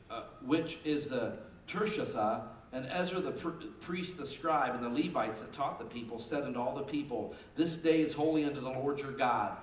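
A man in his fifties preaches from scripture, his voice rising into loud emphasis and dropping into soft asides. The sound carries the echo of a large room. He stands back from the microphone, with a faint hum of ambience behind him. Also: mid-range voice. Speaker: pastor. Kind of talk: sermon. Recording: roomy and distant with faint ambience.

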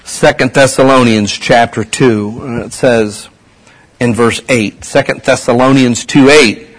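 Man, sermon, husky voice, casual preaching with rhetorical questions. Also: medium pitch, steady tone, measured pace, rough recording.

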